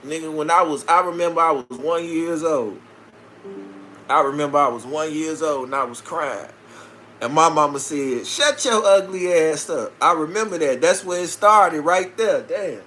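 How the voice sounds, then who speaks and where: Man, from Chicago, profane casual live-stream talk, slightly high-pitched, streetwise banter. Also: normal speed, sharp tone, slight background noise. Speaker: livestream host reading viewer comments.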